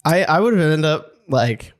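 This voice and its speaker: A man's voice: fairly high pitch, lively intonation, moderate pace. A man co-hosting a podcast, reacting with short agreeing replies and chiming in on the story. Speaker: podcast co-host. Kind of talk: casual chat.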